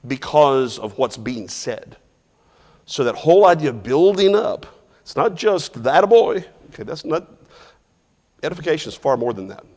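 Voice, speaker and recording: A man's voice: mid-range voice, a little mellow. A man teaching a Bible class verse by verse in a loose, conversational way, restarting phrases and putting questions to the class. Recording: long reverb from a large hall.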